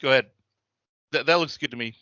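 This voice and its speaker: A man narrating a tabletop game as its game master, with a bright, forceful voice. He rambles, pauses on fillers and laughs between thoughts. The sound is dry and a bit dull. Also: medium pitch, dry recording.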